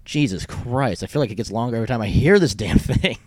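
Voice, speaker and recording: Fast-talking young man, casual rambling. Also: mid-range voice, animated. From Canada. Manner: rambling, swears a lot, laughs often. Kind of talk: casual chat.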